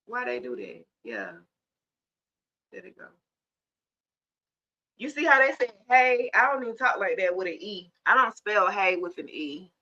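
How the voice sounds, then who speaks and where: A woman's voice: mid-range voice, unhurried, long pauses. A woman from Georgia, chatting casually and animatedly with viewers as a tarot live-stream host. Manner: chatty and animated, addresses viewers as y'all, laughs often. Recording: somewhat dull lo-fi live-stream audio.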